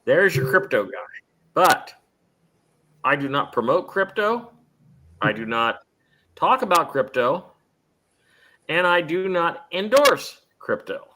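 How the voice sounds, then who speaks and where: A man's voice: on the high side, sing-song, slow pace, pauses often, pushed and bright. A middle-aged man hosting a live stream show in rambling, chatty conversation, restarting his sentences often. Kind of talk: casual chat.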